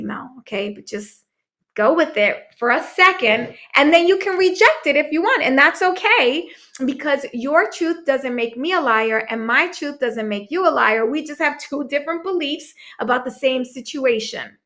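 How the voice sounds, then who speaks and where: Woman guest on a podcast, bit higher voice, tells her story big and emphatic with dramatic pauses. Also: a bit bright. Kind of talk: storytelling in a conversation.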